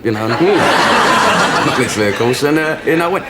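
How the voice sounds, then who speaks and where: A man's voice: mid-range voice, lively intonation, quick pace, a crowd in the background. A man, a comedian guest on a television chat show, telling self-deprecating anecdotes with frequent chuckles. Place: television studio. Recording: hissy 1980s television broadcast.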